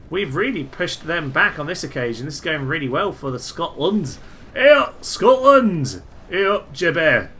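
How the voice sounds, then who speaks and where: A young man talks through a battle in a strategy game, casual and wry, often bursting into loud excited cries. His voice sits somewhat high and sounds bright and forceful. A faint hiss runs under his voice. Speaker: gaming video host. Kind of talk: casual gameplay commentary.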